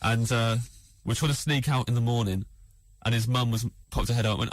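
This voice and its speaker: A man with a mid-pitched voice tells an embarrassing story on a comedy podcast. He is deadpan and sheepish, and often trips over his own restarts. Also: a little fast, dry recording. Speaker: comedian guest.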